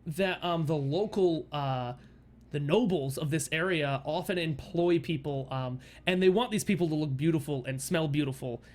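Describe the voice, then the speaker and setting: A man's voice: on the high side, moderate pace. A man running a tabletop game as game master, narrating in a meandering way with many fillers and restarts.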